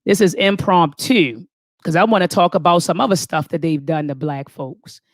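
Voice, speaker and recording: A woman's voice: on the low side, moderate pace, no room sound, studio quality. A woman hosting a live online talk, reading viewer comments aloud and speaking with fervent, preacher-like conviction, often calling the audience "family". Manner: thinks aloud, restarts and repeats phrases.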